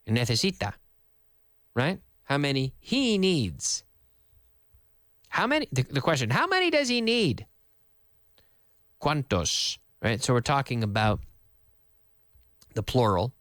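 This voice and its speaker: A man teaches a live English lesson, firing off questions and answering them himself. His pitch swings widely from high questions to low answers. The studio sound is close and dry. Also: dry recording. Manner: lively, quizzing with questions and answers. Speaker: English teacher, radio host. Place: radio studio.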